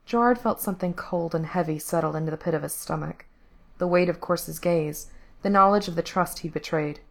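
Woman reading a story out loud, lowish voice, steady and even. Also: brisk, vocal fry. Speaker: narrator. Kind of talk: storybook narration read aloud.

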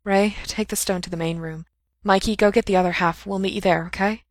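Woman doing a protective doctor, commanding, gentle, dry recording. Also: mid-range voice, steady tone, brisk, no echo, close to an everyday voice. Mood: urgent.

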